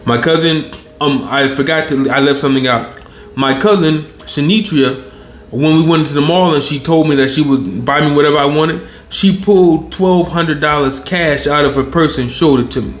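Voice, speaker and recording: A man in his thirties telling a long personal story in a rambling, profane, animated way. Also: on the high side, moderate pace, soft background music. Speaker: channel host. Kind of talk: casual storytelling monologue. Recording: roomy echo.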